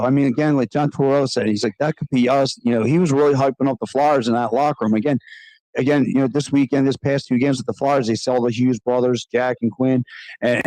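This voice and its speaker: Brief: male co-host, mid-pitched, self-mocking and easygoing, dry close sound. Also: darkish tone, no echo, poor audio. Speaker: podcast co-host. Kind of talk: casual sports chat.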